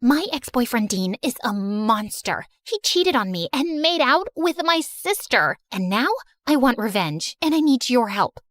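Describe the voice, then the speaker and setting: A woman's voice: fairly high pitch, sing-song, a little slow, fairly bright tone, no room sound, clean studio sound. A woman voicing a popular, scheming teenage girl in a story reading, pleading and persuasive.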